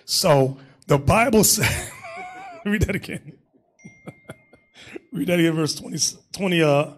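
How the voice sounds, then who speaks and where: A man's voice: high voice, wildly swooping pitch, slow pace, husky. A man teaching a Bible class in an emphatic preaching manner, calling on readers and staff between points.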